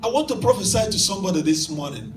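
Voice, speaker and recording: High-voiced man preaching in an echoey hall. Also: lively intonation, fast, distant mic, background noise. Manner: emphatic, rising to shouts. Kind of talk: sermon with storytelling. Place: church hall.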